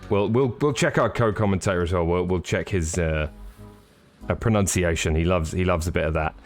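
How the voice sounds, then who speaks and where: Fields: jokey male sim racing stream host, low voice. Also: a little fast, soft background music. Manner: jokey, rambling, chatty with viewers. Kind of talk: casual live-stream commentary.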